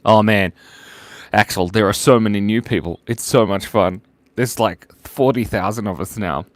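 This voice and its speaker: A man's voice: fairly low pitch, normal speed, dry recording. A man hosting a live drawing stream, chatting casually, joking, laughing often and reading out viewer comments.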